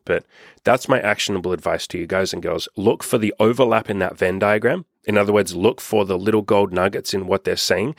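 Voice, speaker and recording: Australian man, lowish voice, dry close sound, blunt and sweary, casual coaching talk. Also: no room sound. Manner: blunt, profane, repetitive emphasis. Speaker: self-help coach. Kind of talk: casual monologue.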